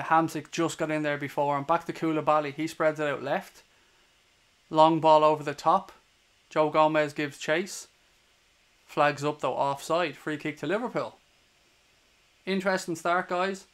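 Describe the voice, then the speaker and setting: A man's voice: fairly high pitch, a bit bright, clean tone. Irish guy calling a match live. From Ireland. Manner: swears hotly at opposing players. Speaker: fan watchalong streamer doing live commentary. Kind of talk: live play-by-play commentary to a stream chat.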